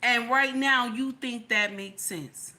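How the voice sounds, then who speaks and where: A woman's voice: fairly high pitch, slow. A woman hosting a live stream, reading the chat aloud in a sassy, teasing, chatty way. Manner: sassy, teasing, chatty with loud laughing outbursts.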